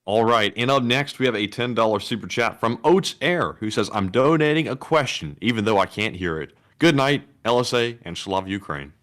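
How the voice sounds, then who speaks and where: A man co-hosting a casual live stream, reading out donations in an even, plain way. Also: mid-range voice, normal speed, hardly any pauses.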